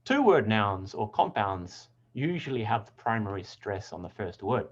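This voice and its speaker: A man leads a scripted pronunciation lesson in a voice with plenty of melodic movement. He stresses example words deliberately so listeners can copy them. The recording has a slightly muffled, lo-fi quality. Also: lowish voice, big pitch swings. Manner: clear, deliberate word demonstrations. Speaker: English pronunciation teacher.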